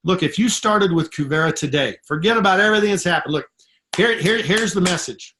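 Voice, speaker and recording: A man's voice: sits high, fairly quick, pushed and bright. Emphatic man giving a sales pep talk. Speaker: network marketing distributor on a conference call. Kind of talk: motivational call talk. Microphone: phone call.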